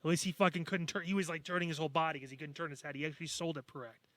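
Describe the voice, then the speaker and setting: A man's voice: on the high side, steady tone, rapid-fire, a bit bright, dry recording. Man, podcast co-host, blunt, profane, sarcastic, dry recording. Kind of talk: casual chat.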